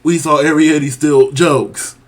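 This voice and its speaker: A man co-hosting a casual TV review chat, animated and laughing often, acting out his own reactions in big exaggerated bursts. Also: fairly high pitch, measured pace. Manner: laughs often while talking. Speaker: co-host of a TV review show.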